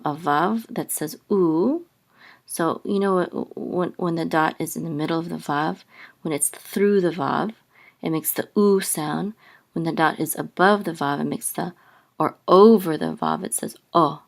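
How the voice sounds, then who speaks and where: A woman teaching a lesson step by step, pausing often with ums and sometimes singing out syllables. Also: low voice, creaky. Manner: sings out chanted syllables, many ums and restarts. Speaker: Hebrew teacher.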